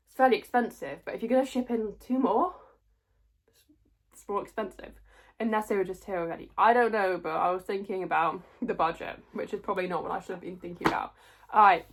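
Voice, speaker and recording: A young woman giving a casual, rambling spoken review, often correcting herself and trailing off. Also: mid-range voice. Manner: rambling, self-correcting, chatty. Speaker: theatre reviewer.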